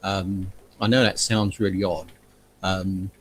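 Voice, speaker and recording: A man joining a casual online hangout as a guest, speaking hesitantly with many pauses and restarts. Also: deep voice, level tone, a bit bright, slight background noise. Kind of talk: casual live hangout chat.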